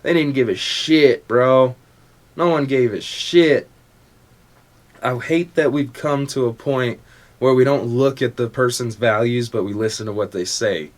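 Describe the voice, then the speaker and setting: A man's voice: mid-range voice, measured pace. A young adult man hosting a casual motivational podcast who talks in a blunt, profane rant. He mocks the people he complains about and keeps up a confrontational edge throughout. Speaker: podcast host.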